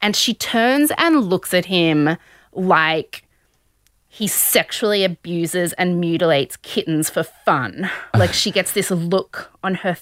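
A woman's voice: lowish voice, lively intonation, slow pace, fairly bright tone, dry recording, clean studio sound. A young woman hosting a podcast, casually recapping a show with sarcastic asides and acted-out quotes. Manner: sarcastic storytelling, acting out quotes. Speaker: podcast host.

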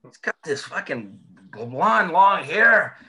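A man spins stories in casual chat, his voice bright and lively as it leaps around. He swears freely and laughs as he goes. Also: sits high, slow pace. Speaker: former hockey player telling stories.

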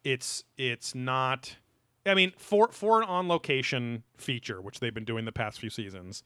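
A man's voice: medium pitch, measured pace, a bit bright, clean tone, dry recording, studio quality. A man co-hosting a podcast, rambling in casual chat with many fillers and loose asides. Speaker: podcast co-host.

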